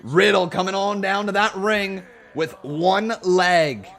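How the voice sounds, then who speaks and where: A man hosting a live wrestling watch-along stream, talking in a jokey, excitable, self-mocking way from a home setup. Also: high voice, slow. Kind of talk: live-stream reaction commentary.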